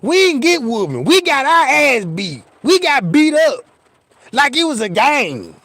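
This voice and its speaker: A middle-aged man spins a profane, animated comic story and keeps turning to his listeners. His voice sits very high and sounds bright and tense. The sound is dry and close. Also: measured pace, dry recording. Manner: animated, profane, acts out scenes.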